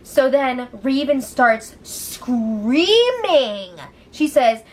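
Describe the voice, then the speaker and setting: A woman recapping a reality show in casual chat, animated, laughing often and acting out what people said. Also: sits high, very slow. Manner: animated, laughing, acts out quotes, swears. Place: room at home.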